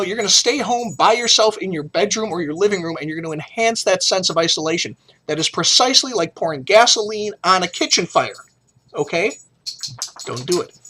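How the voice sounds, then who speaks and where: A man's voice: high-pitched, pushed and bright, slightly rough. A middle-aged man talking frankly and emotionally in a personal vlog, blunt and profane but earnest. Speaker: vlogger.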